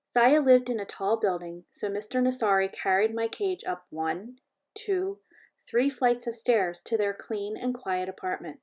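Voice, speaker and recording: A woman reading a children's chapter book aloud in a gentle, measured storytelling voice. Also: mid-range voice. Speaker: reader.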